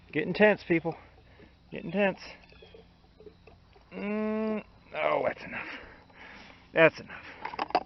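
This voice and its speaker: A man's voice: fairly high pitch, vocal fry, muffled recording, a little hiss or hum. A man vlogging in a casual, folksy way, chatting straight to his viewers about chores around the house. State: out of breath at times. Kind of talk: casual home vlog.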